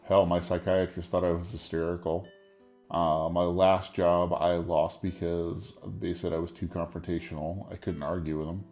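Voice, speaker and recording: A man in his forties hosting a casual solo podcast, rambling in a wry, stream-of-consciousness way with a deep radio voice. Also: a little mellow. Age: 40s. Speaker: podcast host.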